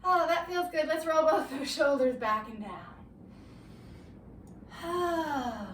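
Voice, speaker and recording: A woman leading a low-impact workout, giving gentle, encouraging cues and getting winded from the exercise. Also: expressive, extremely slow, pauses often, reverberant, far from the mic, slight background noise, poor audio. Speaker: fitness instructor. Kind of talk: guided workout instruction.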